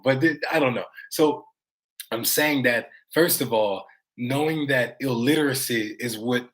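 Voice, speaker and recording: An American man talks straight to his audience in a loose, rambling livestream chat. He circles around his points, reads viewer comments aloud and drops in casual swearing. His pitch sits right in the middle for a man. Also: a bit bright. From United States. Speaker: vlogger.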